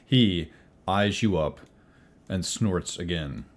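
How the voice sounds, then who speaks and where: A man narrating a tabletop role-playing game as game master, theatrical and animated. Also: sits low, slow.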